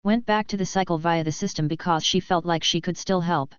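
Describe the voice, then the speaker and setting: A woman reading a deadpan weary fallen angel man. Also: lowish voice, brisk, clean tone, no room sound, close to an everyday voice. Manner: dry, deadpan. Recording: dull lo-fi audio.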